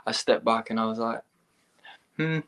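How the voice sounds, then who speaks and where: A man's voice: medium pitch, normal speed. Casting: a young man as a laid-back singer, mid-range voice, chatty. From England. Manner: relaxed, easygoing, hesitant with ums. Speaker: guest singer. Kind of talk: casual interview chat.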